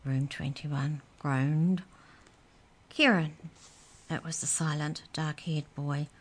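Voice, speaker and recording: A woman reading a children's story aloud in a calm, measured way. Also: sits low, husky.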